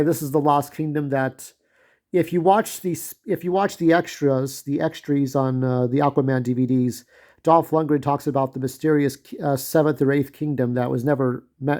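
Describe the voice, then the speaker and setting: A man giving a casual spoken movie review, rambling and irreverent, with lots of filler pauses. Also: on the high side, a little mellow.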